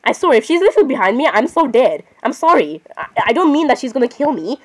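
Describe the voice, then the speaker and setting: A woman's voice: high voice, sing-song, fast, slight background noise, poor audio. A woman chatting casually while playing a game, often apologizing and saying "literally". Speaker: gamer. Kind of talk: casual gameplay commentary.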